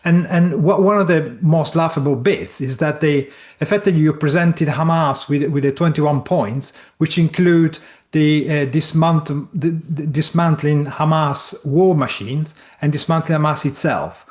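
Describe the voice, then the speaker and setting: A man speaking as a guest commentator on a talk show. His tone is blunt and scornful and his phrasing colloquial, and he stumbles and repeats himself. His voice sits a little higher than average. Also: a little slow, darkish tone. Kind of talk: opinionated discussion.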